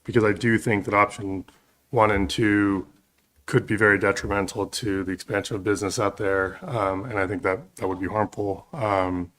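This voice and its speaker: Bright-voiced hesitant male commissioner. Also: fairly low pitch, fairly even intonation, moderate pace. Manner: hesitant, many fillers and restarts. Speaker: planning commissioner. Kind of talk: public meeting discussion.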